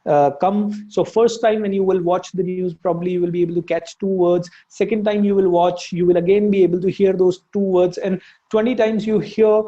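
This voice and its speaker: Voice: medium pitch, steady tone, brisk, mellow. An English teacher with an Indian accent, talking through a casual lesson with many fillers and restarts. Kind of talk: casual spoken lesson, mixing in Hindi. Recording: dull lo-fi sound.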